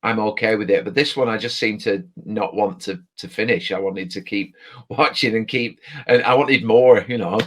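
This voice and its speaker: A British man guesting on a casual movie chat, enthusiastic but halting, with many fillers. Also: fairly low pitch, a bit bright. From Britain. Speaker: podcast guest.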